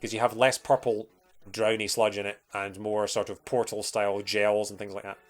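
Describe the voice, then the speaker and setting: A man's voice: lowish voice, little pitch movement, moderate pace, soft background music. A young man with a Scottish accent, chatting casually and rambling with plenty of fillers while he streams a game. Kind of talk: casual livestream chat while playing.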